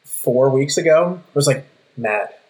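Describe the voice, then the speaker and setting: Lively, animated man telling stories. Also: mid-range voice, rough recording. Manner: lively storyteller, quick bursts. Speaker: voice actor. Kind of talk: casual panel chat.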